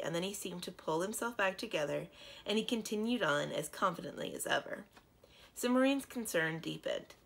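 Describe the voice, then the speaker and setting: Gravelly-voiced woman reading aloud. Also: on the low side, a bit bright. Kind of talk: children's book read-aloud.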